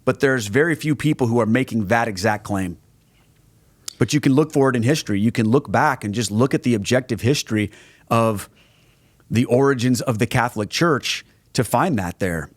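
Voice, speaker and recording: A man's voice: mid-range voice, normal speed, dry recording. A middle-aged man, a guest on a podcast, answering questions in an earnest, conversational way and often restarting his phrases. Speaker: guest, Catholic evangelist.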